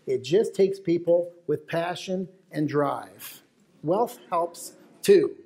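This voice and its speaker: American guy giving a talk, slightly high voice, chatty storyteller tossing questions at the crowd. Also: slow pace, dark tone. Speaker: wildlife photographer giving a talk. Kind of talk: lecture to an audience. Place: auditorium with live audience.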